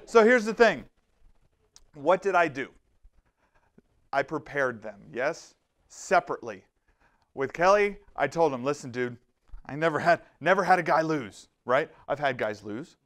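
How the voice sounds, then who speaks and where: A man speaking at a slightly high pitch, giving an energetic safety talk to a room of listeners. He tells stories with quick asides and acted-out quotes, keeping the tone lively and animated. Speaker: safety trainer. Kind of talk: lively live presentation.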